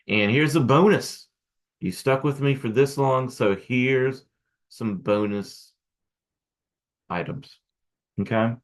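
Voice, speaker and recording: A middle-aged man teaching acupuncture students in a casual, joking lecture with lively asides to the viewer. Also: fairly low pitch, vocal fry. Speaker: acupuncture instructor.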